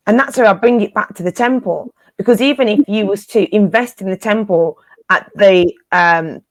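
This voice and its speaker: A woman with a mid-range voice co-hosts a casual spiritual live chat, encouraging her listeners. Her speech is informal and slangy, and she often repeats phrases for emphasis. There's no echo.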